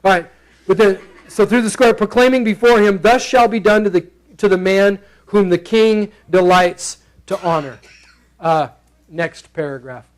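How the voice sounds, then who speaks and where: Male pastor, high voice, playful sermon delivery that slips into character voices. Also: poor audio. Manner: playful, acts out the characters in bursts. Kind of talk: expository sermon. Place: church sanctuary.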